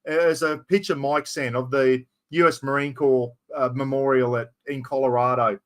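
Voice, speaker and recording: A man's voice: medium pitch, steady tone, moderate pace, a bit bright. A middle-aged Australian man in casual chat, rambling and saying "mate" constantly.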